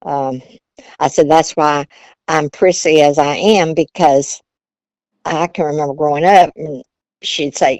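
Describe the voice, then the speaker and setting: Low-voiced older woman telling family stories. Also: steady tone, unhurried, darkish tone, no echo, dull audio. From Virginia, US. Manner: chatty, laughs often, Southern turns of phrase. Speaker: interview guest, grandmother. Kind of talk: casual storytelling.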